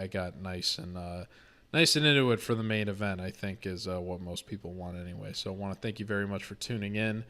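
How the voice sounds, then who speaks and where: Man, podcast host, casual chat, bright forceful voice, fairly low pitch, excitable and joking. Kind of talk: casual betting picks podcast.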